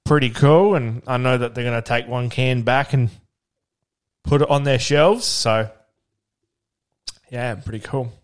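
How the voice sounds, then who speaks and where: A man's voice: medium pitch, measured pace, pauses often. An Australian man co-hosting a podcast over a video call, telling rambling anecdotes with plenty of swearing. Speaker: podcast co-host. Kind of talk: casual chat.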